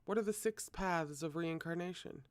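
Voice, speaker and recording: A man voicing a cryptic, fervent old man who speaks slowly with a rasp. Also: on the high side, no room sound, close to an everyday voice. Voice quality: raspy, slow.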